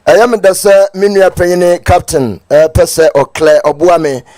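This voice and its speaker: A man's voice: high voice, steady tone, unhurried, mellow, no echo. A man with a Ghanaian accent hosting a morning talk show, with a lilting, sing-song delivery. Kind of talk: casual talk show commentary.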